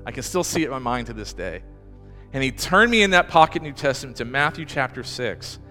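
A man's voice: medium pitch, big pitch swings, fairly quick, sharp tone, faint music behind. Emotional man preaching in a reverberant church. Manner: earnest and personal, with repeated restarts. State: emotional, near tears. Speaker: pastor. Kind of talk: sermon.

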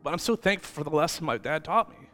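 A man's voice: a little high, lively intonation, fast talker, pushed and bright, in a large hall, faint music behind. A man preaching a sermon as pastor, telling a personal story earnestly and getting emotional at times, rising to emphatic peaks. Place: church hall.

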